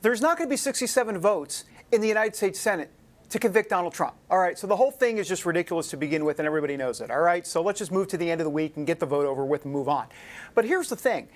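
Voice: medium pitch, expressive, racing. A talk show host speaking in a chatty, opinionated style, adding jokes and direct asides to viewers.

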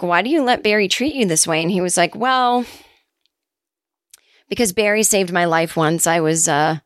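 A middle-aged woman hosting a comedy podcast, telling an absurd story in a casual, deadpan way with quick asides. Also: on the low side, no room sound, studio quality.

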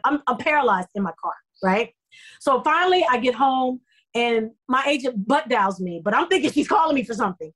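Woman, middle-aged, actress guest, animated storyteller, fairly high voice, quick restarts. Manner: lively, acts out quoted voices, repeats herself.

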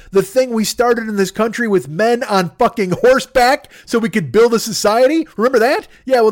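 A man's voice: sits high, a little mellow, no room sound, studio quality. A man hosting a podcast, ranting in an angry, sarcastic way and swearing constantly. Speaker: podcast host. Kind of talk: profane comedic rant.

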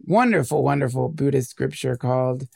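A man in casual conversation, talking in a rambling, animated way and often breaking off mid-thought. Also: medium pitch, normal speed, gravelly, no echo, studio quality. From United States. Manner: rambling, animated, self-interrupting.

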